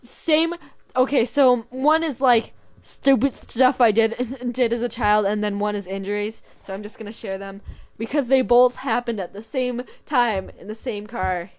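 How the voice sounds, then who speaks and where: A woman's voice: a little high, normal speed, a little mellow. A young woman hosting a casual podcast, telling stories with laughter and acting out voices. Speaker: podcast host. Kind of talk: casual storytelling chat.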